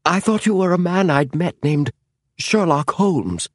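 A man voicing a nervous American gentleman writer who stammers and apologizes in a panicky way, read within an audiobook. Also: on the low side, takes it slowly, no echo, clean studio sound. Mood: flustered.

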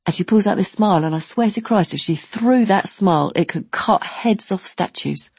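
A woman doing stand-up storytelling, animated and sweary, full of exaggeration. Her voice is low and husky. The sound is dry and close. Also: dry recording. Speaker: comedian.

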